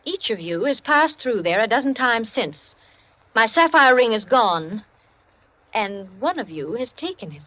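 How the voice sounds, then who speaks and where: An actress playing a wealthy hostess who gives firm, clipped commands in 1940s radio drama acting. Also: female voice, fairly high pitch, very animated, unhurried, fairly bright tone. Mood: stern. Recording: muffled lo-fi old radio broadcast.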